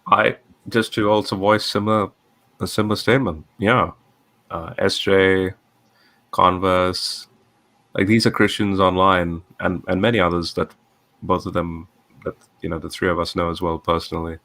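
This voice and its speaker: A man adding his view in a casual panel chat, halting as he searches for words. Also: low-pitched, level tone, bright, forceful tone, no room sound.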